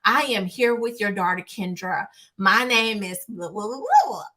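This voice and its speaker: A bold, pushy young man, as a woman storyteller puts him on presses his case in a hurried, insistent rush. The voice stays bright and close to an ordinary middle pitch. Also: very animated.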